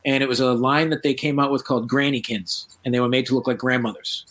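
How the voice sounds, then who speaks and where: A man's voice: medium pitch, fast. A man, a paranormal researcher, telling stories in a casual interview and acting out the voices of the people he quotes. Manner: animated, acts out quoted voices.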